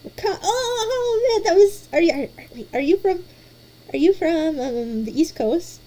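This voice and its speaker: A woman hosting a casual chat, playful and animated, often stumbling over repeated restarts. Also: high voice, normal speed. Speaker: host.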